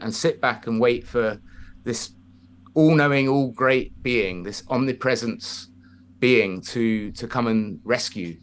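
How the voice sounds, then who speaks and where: A man talking as a guest in a casual conversation, telling stories and acting out the voices in them. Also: medium pitch. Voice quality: animated storyteller, acts out quoted voices.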